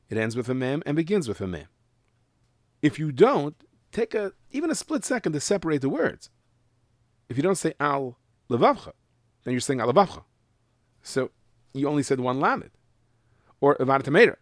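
A Torah teacher with a mid-range voice leads a Mishnah class, recorded with studio quality and no echo. He explains the text in English mixed with Hebrew and Yiddish terms, sounding out words carefully and stressing pronunciation.

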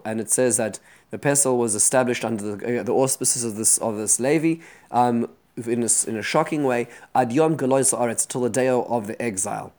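Man, mid-pitched, teaching a Bible lesson with animated, restart-prone storytelling. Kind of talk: lecture retelling a Bible story.

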